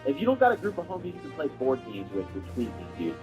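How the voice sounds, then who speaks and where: A man's voice: medium pitch, huge pitch swings, quick pace, over music, poor audio. A young man talking casually to camera, telling a rambling, profane, slang-heavy story as a video creator.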